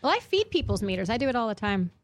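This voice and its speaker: A woman chatting casually as a co-host, an animated storyteller whose voice jumps high when she retells arguments. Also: racing, no echo. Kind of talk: casual chat.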